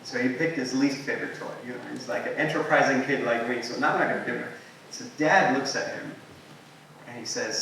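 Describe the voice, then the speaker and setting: A man with a bright, clear-edged voice gives a relaxed, story-driven keynote, easing along with ums and friendly asides. He is picked up from a distance in a large, strongly echoing hall. A faint hum of noise sits under the sound. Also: mid-range voice, fairly quick. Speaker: invited guest speaker. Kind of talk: conversational storytelling keynote talk.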